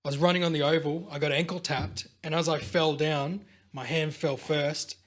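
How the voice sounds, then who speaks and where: A young man chatting on a podcast, his voice sitting a bit high for a man. He tells stories with lots of energy, swears freely and acts out what other people said. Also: moderate pace. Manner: animated storyteller, swears freely, acts out quotes. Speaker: podcast co-host. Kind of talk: casual podcast chat.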